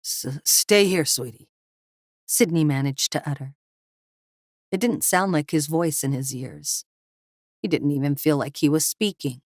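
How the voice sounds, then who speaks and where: A woman narrating a thriller audiobook with steady, dramatic storytelling. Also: low voice, moderate pace, long pauses, dry recording, clean studio sound. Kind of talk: scripted narration.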